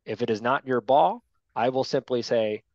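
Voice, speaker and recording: A man leads a training class for new officials, talking in a straight, no-nonsense way and checking in with "right?" after his points. His voice sits at an ordinary middle pitch. The recording is dull and lo-fi, with a dry, close sound. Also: moderate pace, darkish tone, no echo. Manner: direct, to-the-point, frequent tag "right?".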